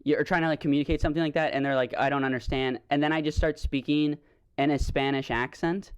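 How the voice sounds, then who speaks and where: A young man co-hosting a podcast over a video call, with a slightly high, smooth and clear voice. He rambles and halts, full of fillers, as he tells a story. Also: steady tone, dull audio. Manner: rambling, halting, lots of fillers. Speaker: podcast co-host.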